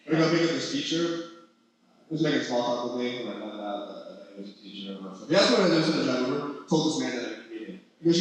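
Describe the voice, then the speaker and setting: A man's voice: medium pitch, animated, fairly quick, long pauses. A young man from Indiana doing a stand-up set, teasing the crowd and laughing through his lines. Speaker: stand-up comedian. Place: small bar comedy room. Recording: very echoey room from a distance, faint noise.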